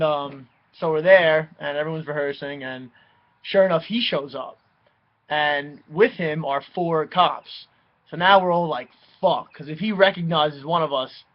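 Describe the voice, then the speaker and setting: A young man tells a wild personal story in a casual, animated way, cursing freely and slipping into voices for the people he quotes. His voice sits a bit high for a man. The recording sounds dull and lo-fi.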